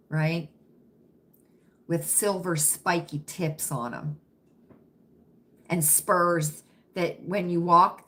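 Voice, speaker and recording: A middle-aged woman hosts a casual livestream, chatting with viewers whom she calls friends and honey, often tacking on "right?". Her voice is fairly low with a fairly bright tone.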